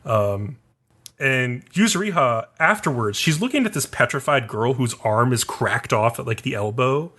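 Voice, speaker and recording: A man's voice: medium pitch, expressive, normal speed, sharp tone. Guy rambling through an anime recap on a podcast, says like a lot. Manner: rambling, heavy on "like" fillers. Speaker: podcast co-host.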